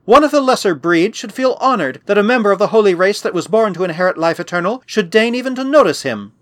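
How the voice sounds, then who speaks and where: A man's voice: high voice, animated, quick pace, fairly bright tone, no echo, pitched above the performer's own voice. A man putting on a haughty young priestess. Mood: imperious. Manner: haughty, imperious. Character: proud young woman of a holy race.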